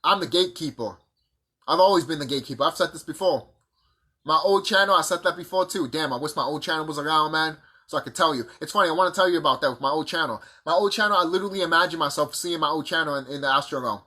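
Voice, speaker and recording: A man delivering a profane, combative monologue full of rhetorical questions, with a husky voice. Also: on the high side, fast, pushed and bright. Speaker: vlogger. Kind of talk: ranting monologue to camera.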